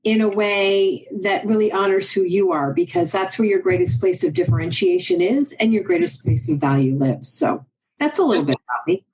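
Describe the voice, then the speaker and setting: Animated, emphatic woman telling stories. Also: mid-range voice, moderate pace, slight background noise, low-quality recording. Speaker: podcast guest, leadership advisor. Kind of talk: conversational interview.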